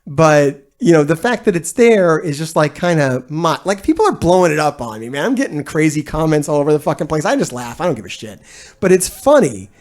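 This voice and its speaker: A man's voice: fairly high pitch, sing-song, a little fast, darkish tone. Blunt, profane male streamer ranting. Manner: profane, blunt and exasperated, with frequent laughs; rambling with restarts and fillers. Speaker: gaming streamer and video host. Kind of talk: casual ranting commentary to a live chat.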